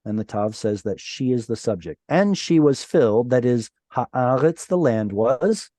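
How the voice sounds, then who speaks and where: A man's voice: medium pitch, expressive, a little slow, warm tone, no room sound. A man teaching an online Hebrew class, explaining grammar patiently and playfully, quizzing his students as he goes. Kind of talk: online Bible Hebrew lesson. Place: online class over video call.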